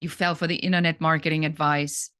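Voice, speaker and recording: A woman business coach in middle age delivers a direct sales talk to camera. Her voice sits a little low, and she is blunt and earnest. She often stops and restarts her sentences. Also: little pitch movement, a little fast, fairly bright tone, clear, resonant tone.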